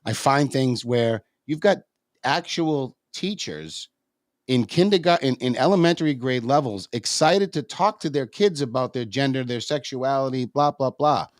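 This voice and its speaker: Man talking slowly in a dry studio. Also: medium pitch, lively intonation, dry recording. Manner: measured, digressive, with frequent fillers. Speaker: co-host of a local politics livestream. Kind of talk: casual political chat. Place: radio studio.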